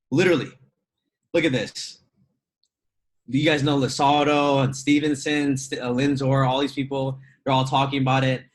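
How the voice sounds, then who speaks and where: A trading educator gives a casual motivational talk in a medium-pitched voice, speaking emphatically, firing off rhetorical questions and laughing often. The recording quality is low.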